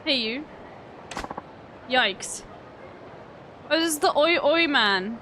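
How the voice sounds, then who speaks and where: Giggly high-voiced woman streamer. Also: animated, takes it slowly, background noise. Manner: giggly, reads game dialogue aloud in silly voices. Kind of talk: casual gameplay commentary. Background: game music.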